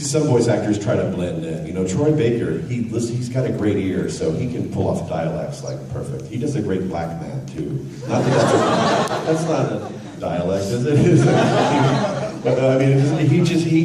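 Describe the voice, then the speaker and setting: A middle-aged man jokes his way through a convention panel, wandering off on tangents. His voice sits a little low but swings widely in pitch. It is caught from far away in a very echoey hall, with a crowd audible behind him. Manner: joking, rambling off on tangents. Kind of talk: casual convention panel talk. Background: audience laughter and crowd.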